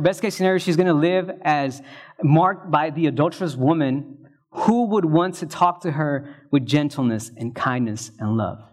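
A male pastor preaching a conversational sermon, checking in with the congregation and joking in asides. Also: on the high side.

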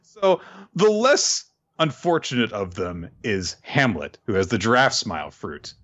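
A man's voice: fairly low pitch, big pitch swings, unhurried, a bit bright, muffled recording. A man co-hosting a casual chat recap, joking and laughing often as he acts out quotes. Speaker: podcast co-host.

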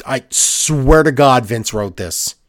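Podcast co-host, male, sarcastic and exasperated, animated delivery. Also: mid-range voice, slow. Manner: sarcastic, exasperated, mocks the booking with put-on quotes. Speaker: podcast co-host recapping wrestling. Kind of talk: casual podcast chat.

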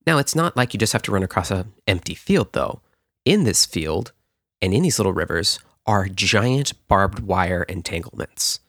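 A man with a very low voice walks the listener through a historical story like he's chatting with a friend. He backs up and restarts his sentences as he explains. The sound is dry and close, with no room around it. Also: lively intonation, moderate pace, a bit bright, dry recording. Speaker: podcast host.

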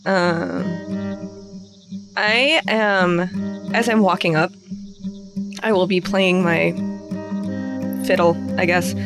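A young woman playing a tabletop role-play game, giggly and playful, turning soft and soothing when she speaks in character. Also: fairly low pitch, steady tone, slow pace, pauses often, music in the background.

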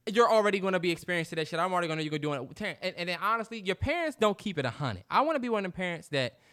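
High-voiced man, teasing podcast banter. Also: sing-song, very fast, a bit bright. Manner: teasing, laid-back, slangy. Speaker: podcast co-host. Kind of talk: casual chat.

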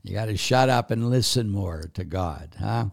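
A man's voice: lowish voice, lively intonation, moderate pace, vocal fry. A man, a priest answering viewer questions in a casual live Q&A, blunt and chatty with many fillers. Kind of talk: casual live Q&A, reading comments aloud.

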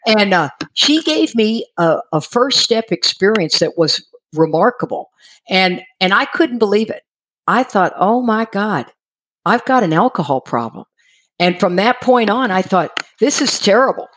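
A middle-aged woman casually telling a personal recovery story, animated and acting out what people said, laughing now and then. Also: medium pitch, unhurried. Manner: animated, acts out quoted voices, laughs while telling.

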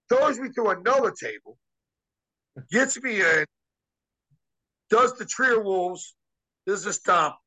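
Middle-aged guy telling old wrestling stories, bright voice, keeps restarting and doing the other guys' lines. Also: sits high, husky, rough recording. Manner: animated, acts out quotes, many restarts and fillers. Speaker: former pro wrestler telling a story. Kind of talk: casual storytelling.

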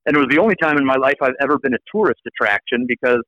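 A man with an American accent, a law professor guest telling stories in an animated, restarting way. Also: mid-range voice, racing, dry recording, highs cut off. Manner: animated, repeats words as he restarts. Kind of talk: casual storytelling interview.

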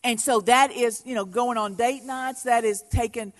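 A woman's voice: a little high, fairly even intonation, moderate pace. A woman, preaching in church about marriage in an earnest, heartfelt storytelling manner. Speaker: pastor's wife co-leading the sermon. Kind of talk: sermon. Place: church sanctuary. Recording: long reverb of a large hall.

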